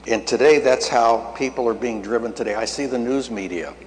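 An older man preaches in a folksy, storytelling way, acting out conversations and building to emphatic peaks. His voice sits at a middle pitch. A long reverb trails behind him in a large hall, with faint ambient noise underneath. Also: fairly quick. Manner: folksy, acts out dialogue, rising to emphatic peaks. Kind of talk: sermon storytelling.

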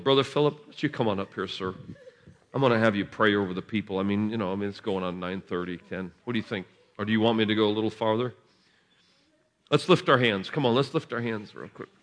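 A man preaching at a revival service in a church, laughing and shouting bursts, gentle with the children he blesses. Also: lowish voice. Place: church sanctuary.

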